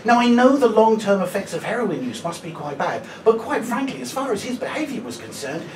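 A high-pitched voice with big pitch swings and a brisk pace comes from a comedian in his forties, telling a chatty, self-deprecating story packed with "right?" on a comedy venue stage. The live room sounds roomy with the mic at a distance; a loud audience is present, though the background noise is only slight.

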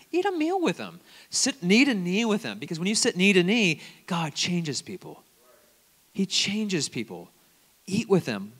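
Bright-voiced male preacher in a hall. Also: medium pitch. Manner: conversational preaching, acts out little dialogues. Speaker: campus minister preaching. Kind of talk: sermon. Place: church sanctuary.

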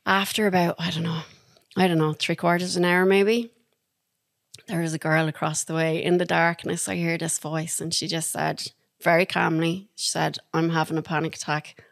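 This is an Irish woman in casual conversation on a podcast, recounting experiences in a lively, chatty way. Her voice sits somewhat low for a woman. The sound is close and dry, with no room echo. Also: moderate pace, gravelly. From Ireland. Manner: chatty and animated, laughing through anecdotes. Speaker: podcast guest. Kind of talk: casual storytelling.

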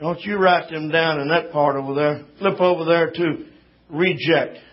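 A man's voice: on the high side, moderate pace, muffled recording, natural voice. A man voicing a stern, dismissive Pharaoh, within a sermon. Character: stern male Pharaoh giving curt orders.

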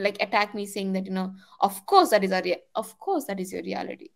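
A young adult woman, a product manager, giving candid and energetic career advice, often repeating her key points. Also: mid-range voice, fairly quick, vocal fry.

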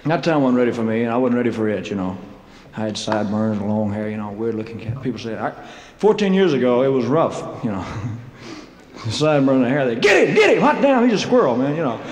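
A man telling rambling, self-mocking stories from a concert stage, laughing between phrases and clearing a frog from his throat. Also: medium pitch, quick pace, darkish tone. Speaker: singer performing live. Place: large showroom stage. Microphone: stage microphone. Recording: echoey hall live concert recording, faint noise.

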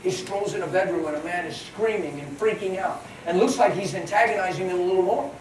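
A man's voice: high-pitched, fast talker. Male pastor preaching from a distance, very echoey church hall, audible room noise. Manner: plain-spoken, swings between hushed and loud. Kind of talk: sermon.

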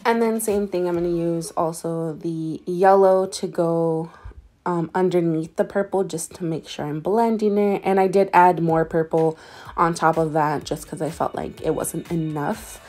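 Woman, lower register, relaxed rambling tutorial voice-over with light music under it. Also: measured pace. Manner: rambling, self-correcting, chatty with many fillers. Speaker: beauty vlogger. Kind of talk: casual makeup tutorial voice-over.

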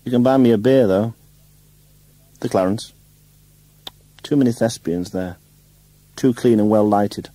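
A man's voice: fairly low pitch, a little slow, pauses often, dark tone, no room sound, pitched above the performer's own voice, low-quality recording. A man voicing a sardonic young woman who speaks in a cool, ironic way. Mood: wry. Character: dry, sardonic young woman, an amateur actress.

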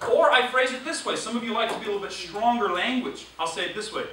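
Guy teaching car sales, high bright voice, echoey room, mic far off. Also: fast talker, a little hiss or hum. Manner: lively storytelling, quizzes the class. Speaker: sales trainer. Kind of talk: classroom sales training. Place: training classroom. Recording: echoey room, recorded from afar.

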